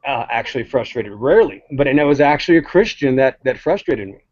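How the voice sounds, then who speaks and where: A man's voice: mid-range voice, animated, fast talker, darkish tone, no echo. A man co-hosting a casual talk show, ranting in a blunt and heated way. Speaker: co-host. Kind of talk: casual opinionated chat. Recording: dull lo-fi sound.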